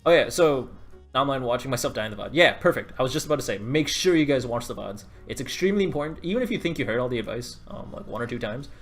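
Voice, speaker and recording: A man's voice: medium pitch, lively intonation, quick pace, soft background music. A man co-hosting a live game stream, chatting casually and giving coaching advice with lots of fillers. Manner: chatty, rambling, filler-heavy. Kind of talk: casual livestream commentary.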